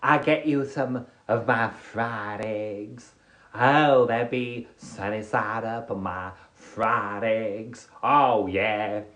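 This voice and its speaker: A man voicing a folksy American fast food worker in a low, gruff drawl. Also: a bit bright, echoey room.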